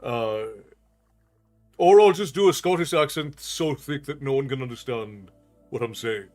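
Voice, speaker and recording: Chatty Irish streamer, faint music behind. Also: male voice, medium pitch, measured pace, a little mellow. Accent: unusual Irish. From Ireland. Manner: chatty, answers viewers' comments aloud. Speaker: storytelling streamer. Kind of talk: live-stream chat with viewers.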